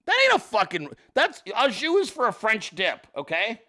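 Sarcastic, lively-voiced man swearing freely. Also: high-pitched, normal speed. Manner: profane, sarcastic, riffing at the audience. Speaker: livestream host. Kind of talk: casual livestream chat reacting to viewer pictures.

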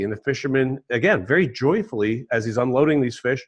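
A male host tells a story in the middle of a conversation, animated and loose with his fillers. His voice sits at a middling pitch and keeps a relaxed, conversational flow. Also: quick pace, few pauses, dull audio.

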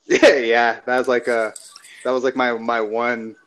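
A man with an ordinary mid-range voice chats casually, tossing in laid-back jokes and short reactions. His tone stays relaxed and conversational. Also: mid-range voice, measured pace. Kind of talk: casual chat.

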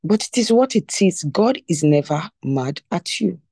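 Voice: medium pitch, lively intonation, measured pace, dark tone, breathy edge, dry recording. A devotional teacher reading and explaining a devotional text in an emphatic way, repeating key phrases and asking the listeners questions.

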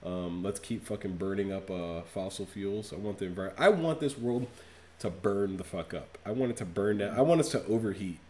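A man's voice: fairly low pitch, moderate pace, dark tone. A man in casual podcast chat, ranting in a profane, mock-outraged way.

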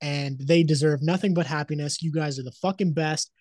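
Young podcast co-host, mid pitch, dry close mic, loose and giggly. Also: fairly quick, a little mellow, dry recording. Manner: laughs often, swears freely, chatty. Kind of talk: casual crude banter.

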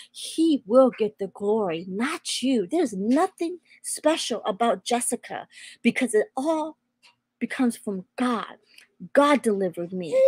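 A woman's voice: a little high, a little mellow, no room sound. A young woman sharing her personal faith testimony as a guest, speaking fervently and repeating phrases for emphasis. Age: young adult.

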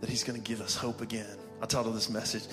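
A male pastor speaks fast in a low-leaning, level voice, with music playing behind him in a large hall. He preaches conversationally to his congregation in a church sanctuary that is also streamed online, asking for answers from both the pews and online viewers.

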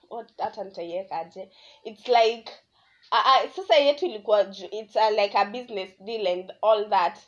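Young Kenyan woman, podcast host, rambling storyteller, fairly high voice, dull lo-fi sound. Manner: rambling, animated, switching between English and Swahili slang. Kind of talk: casual solo podcast storytelling. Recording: dull lo-fi audio.

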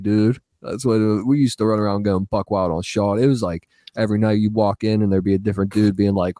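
A man in his thirties, high, hosting a casual podcast chat, swearing a lot and ending lines with "dude". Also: fairly even intonation, quick pace, hardly any pauses, dark tone, dry recording, clean studio sound. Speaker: podcast co-host.

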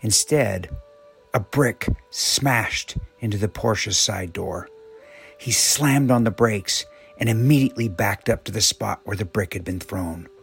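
A man reading an inspirational story aloud in a slow, measured, reflective way. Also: on the low side, vocal fry. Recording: soft music bed behind voice.

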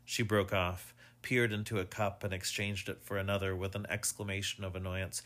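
Low-voiced male audiobook narrator. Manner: measured, even storytelling. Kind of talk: audiobook reading of a mystery story.

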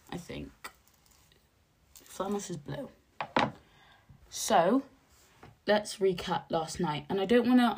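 Husky young woman, hoarse. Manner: animated, slangy, jumps to high exclaims when quoting. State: hoarse after a night out. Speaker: podcast host. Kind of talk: casual chatty storytelling.

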